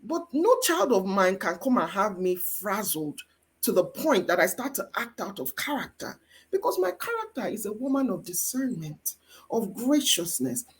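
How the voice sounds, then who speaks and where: A woman's voice: medium pitch, very animated, normal speed. A woman with a Nigerian accent giving a faith-based marriage teaching as guest mentor, with an emphatic, preacher-like delivery.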